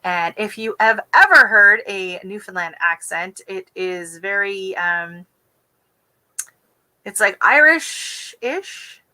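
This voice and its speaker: Bright, fast-talking woman streaming live. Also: medium pitch, smooth, poor audio. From West Coast of the United States. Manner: fast-talking, chatty, giggly. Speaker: gardening channel host. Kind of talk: casual livestream chat.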